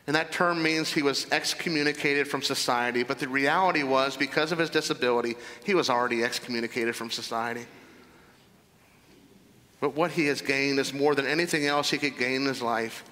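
A man's voice: mid-range voice, brisk, sharp tone, in a large hall, low-quality recording. A man preaching a sermon, reading scripture verse by verse and commenting on it with emphasis. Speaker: pastor.

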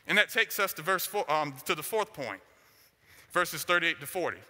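Emphatic high-voiced male preacher, hall reverb. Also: animated, moderate pace, bright, forceful tone. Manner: emphatic, repeats short declarations. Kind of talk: sermon.

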